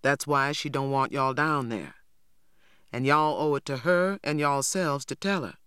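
A man voicing a large, stern, quiet older farmhand who speaks slowly and low, as a storybook reader. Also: clear, resonant tone, dry recording, clean studio sound. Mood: stern calm. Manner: slow, low and measured.

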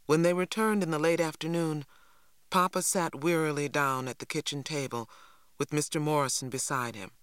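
A man narrating an audiobook in an even, measured way, close to the mic. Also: on the high side, smooth, no room sound. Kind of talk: scripted narration.

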